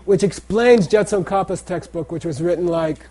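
Husky-voiced man teaching a class. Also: high voice, normal speed, dark tone. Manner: repeats phrases and checks in with "okay?". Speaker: teacher of Tibetan language and Buddhist texts. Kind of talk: classroom lecture.

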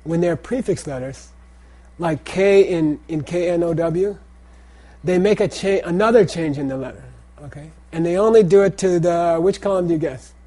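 Middle-aged male teacher, slightly raised husky voice, casual classroom lecture, keeps asking "okay?". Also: a little high, moderate pace, dark tone. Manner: repeats phrases and checks in with "okay?". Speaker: teacher of Tibetan language and Buddhist texts.

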